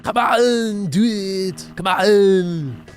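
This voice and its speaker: A man putting on a throaty, shouting impression of a muscular action-hero man in a gaming stream. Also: high-pitched, lively intonation, drawn-out words, clean tone, pitched above the performer's own voice, heavily acted. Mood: yelling. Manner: barked throaty yelling.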